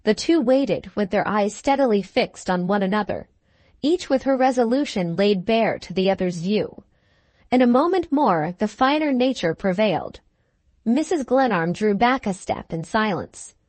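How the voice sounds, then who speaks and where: A woman narrating a classic novel with measured, even storytelling. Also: mid-range voice, no echo. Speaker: audiobook narrator. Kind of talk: scripted narration of a Victorian novel.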